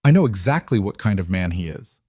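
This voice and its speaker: A man's voice: deep voice, sing-song, brisk, mellow, slightly rough, no room sound, studio quality, exaggerated voice. Storybook heroine: resolute young woman, clipped and firm, read by a male narrator.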